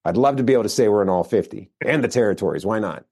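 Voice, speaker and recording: A middle-aged American man with a low, mellow voice talks through his background in a casual interview. He rambles a little, restarting sentences and dropping in fillers as he goes. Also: animated, racing, gravelly, slightly rough. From United States. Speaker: firearms instructor, guest.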